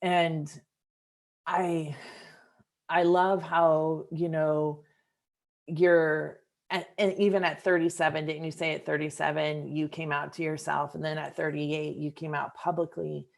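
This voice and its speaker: A woman's voice: deep voice, little pitch movement, measured pace, vocal fry. A woman hosting a podcast interview, talking in a thoughtful, earnest way and speaking straight to her listeners. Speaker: podcast host. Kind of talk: reflective interview conversation.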